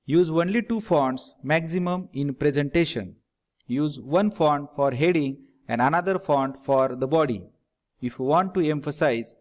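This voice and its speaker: A middle-aged man, giving a recorded lecture over slides and speaking directly to viewers as a teacher trainer. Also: a little high. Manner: instructive, addresses viewers directly.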